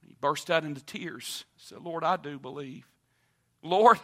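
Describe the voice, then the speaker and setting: A man preaching a sermon in a church, moving from quiet teaching to loud, impassioned appeals. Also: measured pace. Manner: builds from low calm to loud impassioned preaching. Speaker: pastor. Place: church sanctuary.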